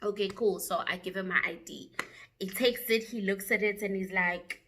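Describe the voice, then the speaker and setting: A young South African woman telling a story to her viewers in a chatty, animated way, with frequent asides. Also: medium pitch, normal speed. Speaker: YouTuber. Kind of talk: casual storytime vlog.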